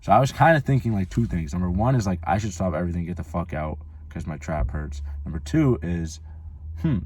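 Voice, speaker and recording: A man's voice: deep voice, lively intonation, fairly quick, darkish tone, slightly rough. A man vlogging casually, telling a rambling story full of swearing and filler words. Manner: rambling, profane, lots of "like" fillers.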